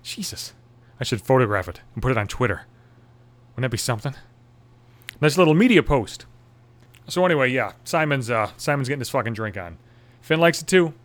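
A man's voice: mid-range voice, expressive, a little fast, pauses often. A man who works in radio, delivering a profane, sarcastic, angry rant to the camera. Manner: angry, swearing constantly, sarcastic. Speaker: radio station worker. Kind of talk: profane ranting monologue.

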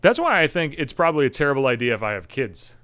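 A man's voice: mid-range voice, sing-song, fast talker, fairly bright tone, no room sound. A young man hosting a solo podcast, ranting bitterly and sarcastically with heavy swearing. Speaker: podcast host.

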